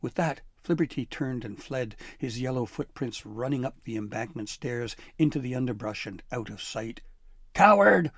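A man narrating a storybook in a measured, dramatic way. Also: medium pitch, a little mellow, no echo.

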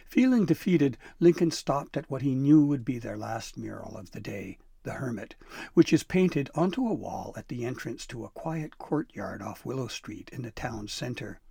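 A man narrating a children's storybook, shifting his reading to match the scene. His voice is gravelly and somewhat husky, recorded close in a dry space. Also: mid-range voice, lively intonation, normal speed, dark tone, dry recording.

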